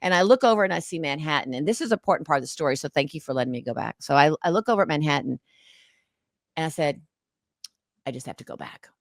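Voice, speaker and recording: A woman, an actress and author, telling an emotional story as an interview guest in an animated, dramatic way. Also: sits low, racing, no room sound. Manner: animated, dramatic, acts out past conversations.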